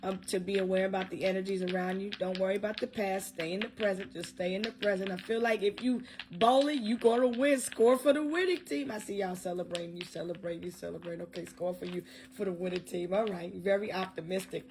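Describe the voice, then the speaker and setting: Woman, tarot reader, casual and joking, freestyling, mid pitch, faint background hum. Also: fairly even intonation, fairly quick, hardly any pauses. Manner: chatty, joking, freestyling, cursing.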